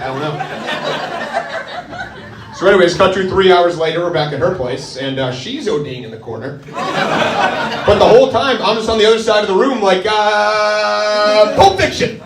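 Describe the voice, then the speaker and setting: A male stand-up comedian with a hesitant, deadpan delivery full of pauses. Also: sits high, distant mic, noisy background. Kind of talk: stand-up set. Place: comedy club stage with laughing audience. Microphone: handheld stage mic. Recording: roomy club sound, audience laughter.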